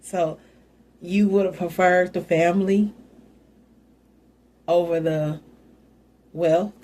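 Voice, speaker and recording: A woman's voice: on the low side, fairly even intonation, slow, warm tone. A woman hosting a casual Bible commentary, talking conversationally and adding side notes. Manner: conversational, musing, with asides. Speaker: host.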